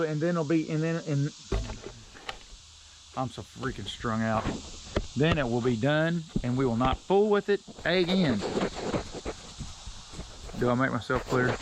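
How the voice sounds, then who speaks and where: Grumbling logger man outdoors. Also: a little high. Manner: grumbling, cussing under his breath, folksy. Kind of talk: casual talk to camera while working. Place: steep wooded hillside outdoors. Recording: outdoor noise, chainsaw and insects.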